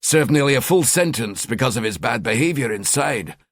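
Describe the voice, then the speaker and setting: A man's voice: medium pitch, lively intonation, brisk, dry recording, natural voice. A man voicing a cheeky, sardonic male police detective in an audiobook. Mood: wry. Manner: wry, chatty.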